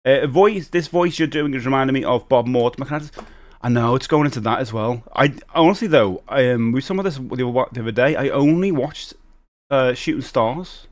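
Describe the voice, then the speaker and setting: A middle-aged live-stream host rambles casually, working through the chat by reading messages out, answering them, and welcoming viewers. He speaks at medium pitch and a little fast.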